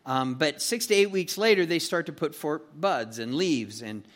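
A man with a slightly raised pitch teaching a verse-by-verse sermon. He talks in a folksy, chatty way, full of fillers, and keeps checking in with his listeners. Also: lively intonation, normal speed, fairly bright tone. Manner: folksy and chatty, asks "okay?" and "you know", with many fillers. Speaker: pastor teaching a Bible study.

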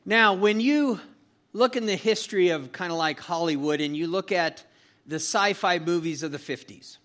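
A man preaching a casual, animated sermon, reading scripture and retelling the story with frequent restarts. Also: sits high, moderate pace. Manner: conversational, animated, with repeated restarts. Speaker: pastor. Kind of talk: expository Bible sermon.

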